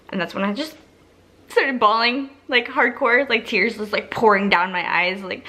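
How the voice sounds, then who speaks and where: A woman's voice: mid-range voice, moderate pace, pushed and bright. A young woman telling a personal story in a casual, chatty way, full of "like" fillers and acted-out quotes. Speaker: vlogger.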